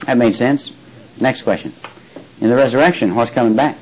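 A man's voice: mid-range voice, brisk, darkish tone, a little hiss or hum, poor audio. An older man preaching a folksy sermon, often asking his listeners questions and reading scripture aloud. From Texas.

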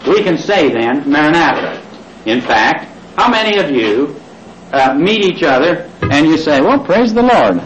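A man's voice: a little high, animated, measured pace, background noise. A man preaching a sermon to a congregation, getting them to repeat words aloud and tossing in jokey asides. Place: church hall with congregation. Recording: echoey, distant, lo-fi cassette recording.

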